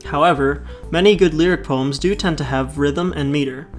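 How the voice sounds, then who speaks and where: A man reading a school presentation from a script in a steady voice. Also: on the high side, moderate pace. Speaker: student presenter. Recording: soft guitar music behind.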